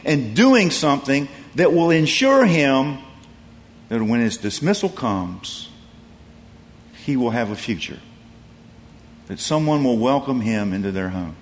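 Animated guy preaching, talky and loose, lots of restarts, voice swings up and down. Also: medium pitch, a little slow, pauses often. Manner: conversational, animated storytelling with many restarts. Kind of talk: sermon.

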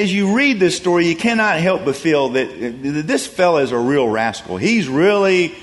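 A man preaching a sermon in a conversational, storytelling way, with frequent restarts. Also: mid-range voice.

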